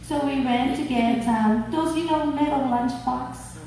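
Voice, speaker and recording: A woman in her fifties from Japan, speaking English with a Japanese accent, telling a personal story at a conference in a slow, heartfelt, expressive way. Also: sits high, a crowd in the background. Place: conference hall. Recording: echoey hall, mic at a distance.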